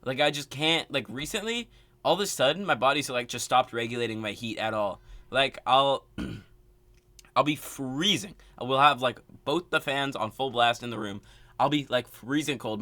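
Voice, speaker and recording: A young man telling a casual storytime rant, animated and exasperated, full of filler words. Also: mid-range voice, no echo. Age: young adult. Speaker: vlogger.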